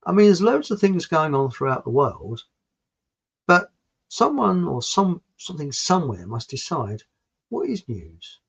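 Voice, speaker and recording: On his own channel, a very animated man with a slightly high, creaky and slightly rough voice talks a little slowly. The dull lo-fi recording carries his blunt, wandering opinions, with many restarts and some mild cursing.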